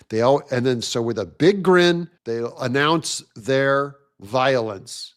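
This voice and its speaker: Mocking, excitable male commentator. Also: a little high, a little slow, hardly any pauses. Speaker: political commentary host. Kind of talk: opinion commentary monologue.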